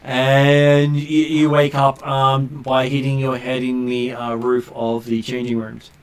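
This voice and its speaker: A man's voice: medium pitch, little pitch movement, slow. A man narrating as game master, hesitant, with many ums and uhs. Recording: roomy, distant mic.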